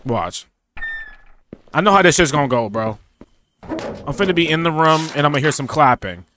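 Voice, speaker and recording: A young man commentating a horror game he is playing, loud, profane and joking as he talks back at it. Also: fairly high pitch, lively intonation, normal speed, a little hiss or hum. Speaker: gaming streamer. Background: game music.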